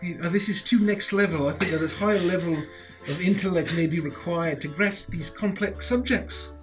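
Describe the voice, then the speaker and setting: A man playing a tabletop game in character, earnest and a little halting. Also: sits high, fairly bright tone, soft background music. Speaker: player. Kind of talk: in-character tabletop role-play.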